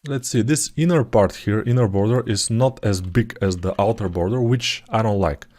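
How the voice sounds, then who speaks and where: A man talking through his 3D sculpting work in a live tutorial, thinking aloud in a relaxed, self-deprecating way, with typing heard behind him. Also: fairly low pitch, normal speed. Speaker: 3D artist tutor.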